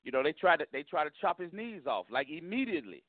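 A man's voice: on the high side, big pitch swings, fast talker, dry recording, narrow, tinny audio. A man, a comedian calling into a radio show, speaking emphatically and repeating himself as he makes his points in street slang. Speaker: comedian guest. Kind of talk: phone interview.

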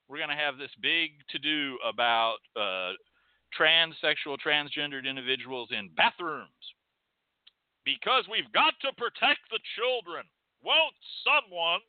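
In a medium-pitched voice, a male host from Texas delivers an animated, sarcastic rant packed with profanity. The sound is dry but tinny, as if heard over a phone.

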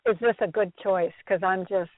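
A woman calls in to a radio show and asks her questions in short, earnest bursts. Her voice sits at an ordinary middle pitch. It reaches the listener over a dry, thin phone line. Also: moderate pace, no echo. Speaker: caller.

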